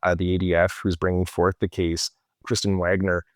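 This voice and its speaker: A man's voice: low voice, little pitch movement, moderate pace, dry recording, studio quality. A man with a Canadian accent, a podcast guest explaining his views earnestly and often checking in with "right?". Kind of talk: casual interview talk.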